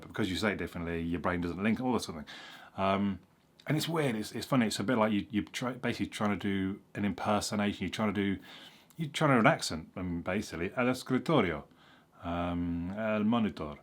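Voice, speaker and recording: A man chatting casually about learning a language, rambling and correcting himself with frequent ums. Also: sits low. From England. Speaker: vlogger. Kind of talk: casual explanatory chat.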